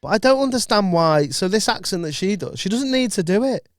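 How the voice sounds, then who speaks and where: Wry, chatty podcast guest. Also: male voice, high-pitched, animated, brisk, no echo, clean studio sound. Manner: chatty and wry, swears casually. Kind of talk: casual chat. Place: podcast studio.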